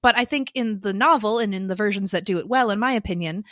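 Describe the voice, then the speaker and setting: Bright lively woman podcast co-host. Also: medium pitch, fast talker, dry recording, studio quality. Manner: lively, laughs often, acts out quotes. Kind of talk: casual chat.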